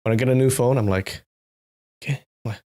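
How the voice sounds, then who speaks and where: Speaking quickly in a mid-range voice, a man hosts a live stream and reads from a novel. His manner is chatty, with viewers greeted by name and animated asides sprinkled throughout.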